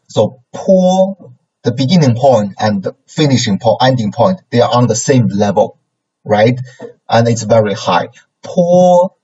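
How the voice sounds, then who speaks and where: A man's voice: mid-range voice, darkish tone, slightly rough. A man teaching a language lesson, patiently modelling sounds and checking in with "right?" after each point. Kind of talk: classroom lesson. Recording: dull lo-fi recording.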